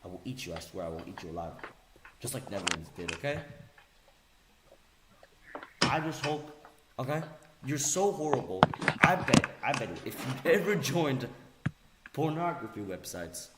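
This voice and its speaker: A young man ranting angrily on video, mocking and insulting, swinging between low mutters and loud yells. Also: very animated, normal speed, pauses often, heavy background noise. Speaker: video ranter. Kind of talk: angry rant video. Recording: echoey room.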